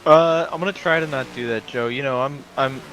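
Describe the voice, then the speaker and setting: A man's voice: medium pitch, fairly quick, fairly bright tone, slight background noise, low-quality recording. Folksy upbeat male co-commentator. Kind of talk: live race commentary.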